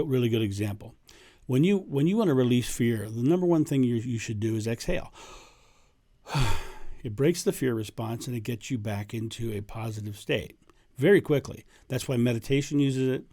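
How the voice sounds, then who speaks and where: A man's voice: mid-range voice, moderate pace, mellow, dry recording, clean studio sound. A man, a spiritual teacher, talking casually and reflectively to camera, often restarting and repeating words. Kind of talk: casual spoken talk to camera.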